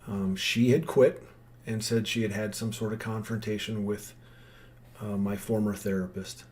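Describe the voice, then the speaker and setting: A man's voice: on the low side, steady tone, moderate pace, darkish tone, slight background noise. A middle-aged man talking as a podcast host in a personal monologue, reflective and earnest, rambling with frequent restarts and fillers. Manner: earnest and heartfelt.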